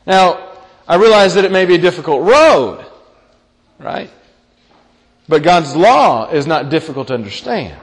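A man's voice: sits high, big-room sound, rough recording. A young man preaching a sermon to a congregation, earnestly repeating key phrases and putting questions to the listeners. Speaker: pastor.

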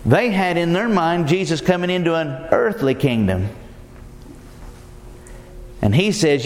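A man preaches in a fairly high voice, driving his point home with question after question and speaking to the congregation as friends. His words ring through a large hall, trailing a long reverb behind every phrase. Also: expressive, unhurried, long pauses, slight background noise. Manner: emphatic, rhetorical questions, addresses listeners as friends. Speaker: pastor. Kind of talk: sermon.

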